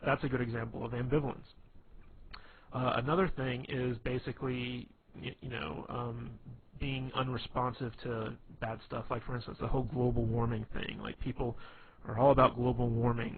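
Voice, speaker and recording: A man's voice: mid-range voice, flat delivery, normal speed. A man giving casual dating advice in a rambling way, full of fillers and restarts. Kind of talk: casual spoken advice monologue. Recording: tinny phone-like lo-fi recording with faint hiss.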